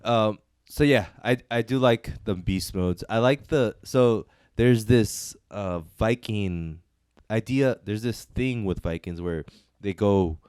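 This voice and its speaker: A man's voice: fairly low pitch, takes it slowly, darkish tone, clean tone, no room sound, studio quality. A man co-hosting a casual movie review chat, laughing often and restarting his sentences. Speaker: podcast co-host.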